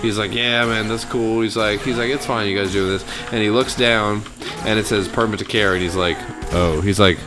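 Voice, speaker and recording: A man's voice: lowish voice, fairly even intonation, fairly quick, music in the background. A man casually telling a long, rambling story over gameplay, full of fillers, acting out what people said. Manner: rambling, filler-heavy, acts out quotes. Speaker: gaming channel host.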